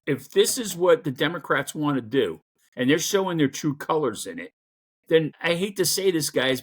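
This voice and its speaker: A middle-aged man giving an angry, profane political rant, growing louder as he goes. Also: on the high side. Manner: angry, profane, rising to loud outbursts. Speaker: political commentator.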